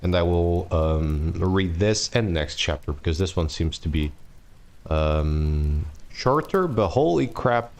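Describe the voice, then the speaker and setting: A deep-voiced man reads a novel aloud on a live stream, then drifts into casual chat. He talks in an unhurried, laid-back way, swearing and laughing often. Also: lively intonation, a little mellow.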